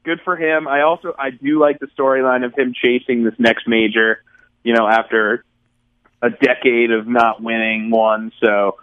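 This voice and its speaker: A man's voice: mid-range voice, fairly even intonation, clean tone, no echo. Male podcast co-host, wry and teasing, muffled lo-fi audio. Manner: teasing, wry, halting with fillers. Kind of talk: casual chat.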